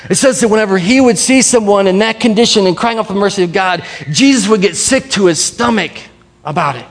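A man's voice: high voice, brisk, big-room sound. A man preaching a sermon as pastor, talking casually and conversationally with frequent restarts, and playfully coaxing the congregation to repeat a word after him.

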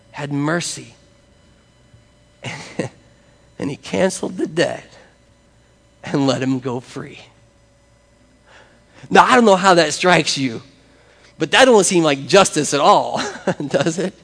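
A man preaching a sermon, lively and conversational, talking with his congregation. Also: sits high, creaky, big-room sound. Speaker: pastor. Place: church sanctuary with congregation.

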